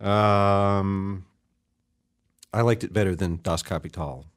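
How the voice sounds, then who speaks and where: A man's voice: deep voice, steady tone, slow pace. A man hosting a casual comedy history talk show, reading out dates and rambling with jokes and fillers. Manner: rambling, joking, lots of fillers. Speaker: host.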